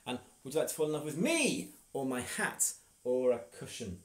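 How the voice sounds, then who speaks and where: A young man hosting a casual livestream as a hypnotist, teasing and playful, giving slow, measured trance cues. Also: medium pitch, expressive. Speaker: stage hypnotist and stream host. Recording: roomy echoey room.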